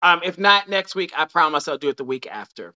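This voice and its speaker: A man's voice: on the high side, expressive, fairly quick, pushed and bright, clear, resonant tone, muffled recording. A man hosting a live dating show, chatty and upbeat, losing his voice near the end of the night. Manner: chatty and upbeat, with frequent restarts. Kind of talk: casual live-stream chat.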